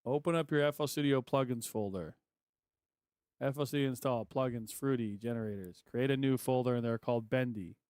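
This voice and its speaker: Guy grumbling and swearing at his computer, mid pitch, dry close sound. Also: a little fast, darkish tone, dry recording. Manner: frustrated, muttering to himself, swears often. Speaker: music producer vlogger. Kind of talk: casual screen-recording chat.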